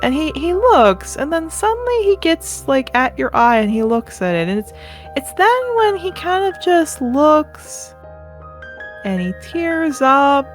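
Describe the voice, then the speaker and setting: A woman running a tabletop game as game master, narrating the scene slowly. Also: high-pitched, very animated, soft background music.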